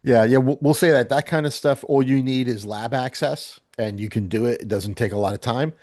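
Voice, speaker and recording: A man's voice: medium pitch, fairly quick, darkish tone, no echo, clean studio sound. A man narrating as game master of a tabletop game, rambling with lots of fillers.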